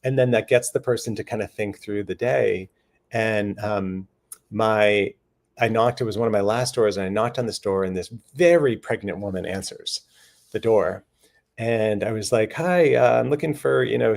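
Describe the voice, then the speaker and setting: A man with a lowish voice joins a casual panel discussion on voting and redistricting as a guest. He comes across earnest and animated, slipping quick quoted asides into his stories.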